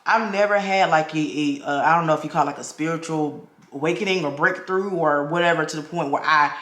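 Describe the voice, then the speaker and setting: Bright-voiced woman in her 30s vlogging, keeps saying y'all and acting out voices, echoey room. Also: sits low, fairly quick. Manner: animated, talks straight to viewers with "y'all", acts out quoted voices. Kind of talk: personal storytelling vlog.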